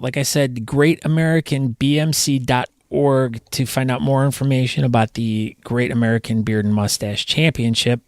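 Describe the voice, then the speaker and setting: A man's voice: mid-range voice, dry recording. A man with a mid-range voice hosts a chatty podcast interview. He asks questions and throws in playful teasing. The sound is dry and close. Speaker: podcast host.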